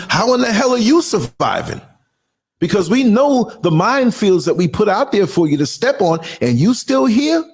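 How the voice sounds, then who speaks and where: A man's voice: high voice, a little mellow. A man, ranting in a heated, emphatic opinion monologue with mocking asides. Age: 60s. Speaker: commentary channel host.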